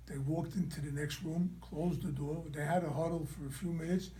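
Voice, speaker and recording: A man, a rabbi, teaching a class through an animated personal story and checking in with his listeners. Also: fairly high pitch, moderate pace, very noisy. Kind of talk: storytelling lecture.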